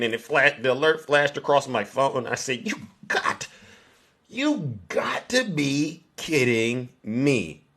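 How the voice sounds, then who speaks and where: A man's voice: medium pitch, a bit bright. A man hosting a casual political talk stream, ranting in a direct, combative and repetitive way. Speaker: political commentator host. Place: California, Bay Area.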